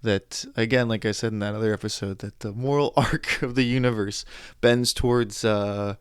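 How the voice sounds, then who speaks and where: A young adult man hosting a podcast, telling anecdotes in a casual monologue, animated, quoting others and restarting his sentences. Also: on the low side, normal speed, smooth, no echo, clean studio sound. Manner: animated storytelling, quoting others, frustrated asides, frequent restarts. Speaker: podcast host.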